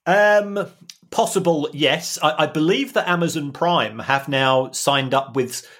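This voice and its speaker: A man co-hosting a podcast, calmly explaining the money side of football in an analytical way. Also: a little high, unhurried. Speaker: football finance co-host.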